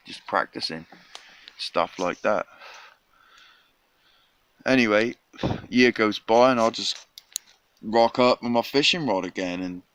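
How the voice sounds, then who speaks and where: A man's voice: lowish voice, a bit bright, dry recording. A man telling a rambling made-up fish story in casual surfer slang, with little voices for the characters. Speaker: vlogger telling a tall tale.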